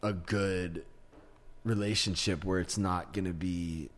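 A man co-hosting a podcast in casual chat, with a gruff voice that sounds aggressive, blunt and swearing often. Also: low-pitched, fairly even intonation, slow. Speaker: podcast co-host.

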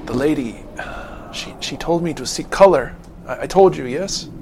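A man's voice: animated, moderate pace, a little mellow, slight background noise. A man voicing a half-crazed, frightened man who stammers and repeats himself in a tabletop game. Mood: panicked. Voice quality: stammering, breathless and high. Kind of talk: tabletop role-play.

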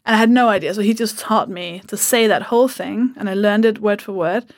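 Woman, comedian guest, lively storytelling, swears casually, dry close sound. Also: mid-range voice, a little fast, no room sound. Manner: lively, laughing anecdotes with swearing.

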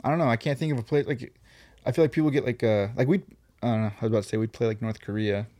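A man hosting a podcast in casual chat, halting and restarting his sentences with many fillers. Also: medium pitch, fairly even intonation, dark tone. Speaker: podcast host.

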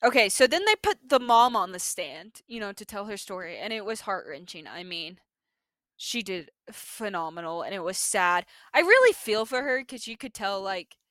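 A young adult woman hosting a podcast, recapping a TV episode in casual chat and acting out the characters with lively energy. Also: medium pitch, no echo. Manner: animated, acts out characters' lines in quick bursts. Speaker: podcast host.

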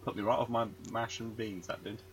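A man's voice: on the low side, level tone, brisk, slight background noise. A man co-hosting a podcast with dry, teasing humor. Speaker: podcast co-host. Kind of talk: casual chat.

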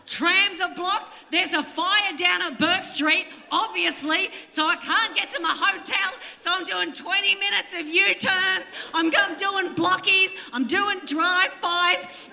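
A woman's voice: on the high side, pushed and bright. An Australian woman co-hosting a comedy show, telling an exasperated stand-up story on stage with wild swings in her voice. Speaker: comedian co-host. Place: theatre stage before a live audience. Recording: live theatre with long reverb.

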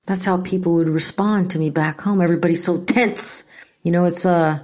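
A woman's voice: on the low side, steady tone, normal speed, a little mellow. This is a middle-aged woman from California talking on her own podcast. She is blunt and sarcastic, swears freely, and rants in a loose, casual way about politics. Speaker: podcast host.

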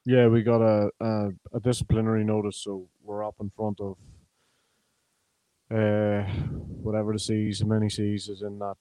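An Irish man talking as a pundit, a former player, in a measured, hesitant way with many ums. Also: lowish voice, completely flat delivery, dark tone, clear, resonant tone, dry recording, poor audio. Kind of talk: casual sports chat.

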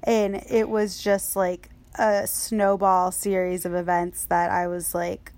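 Casting: young woman, casual chat, lively, quick storyteller. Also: fairly low pitch, dry recording. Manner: animated storyteller, quick and chatty.

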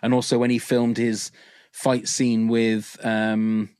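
A man's voice: mid-range voice, flat delivery, takes it slowly, darkish tone, clean tone, no room sound, clean studio sound. A man co-hosting a film podcast, rambling and enthusiastic as he chats, swearing casually. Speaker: podcast co-host. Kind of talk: casual chat.

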